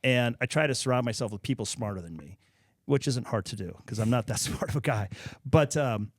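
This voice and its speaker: A man in his fifties from Nebraska tells long, rambling stories and pokes fun at himself in a loose, casual way. His pitch sits in a middle range. The sound is dry and close, with no room echo. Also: brisk. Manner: rambling storyteller, self-deprecating. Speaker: comedian, podcast guest. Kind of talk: casual storytelling chat.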